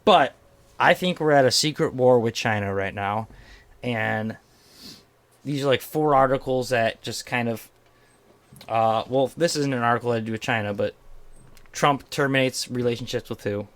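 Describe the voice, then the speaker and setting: A man's voice: mid-range voice, normal speed, pauses often, a bit bright. A man hosting a casual podcast, joking and rambling while reading out news headlines. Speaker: podcast host. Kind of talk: casual chat.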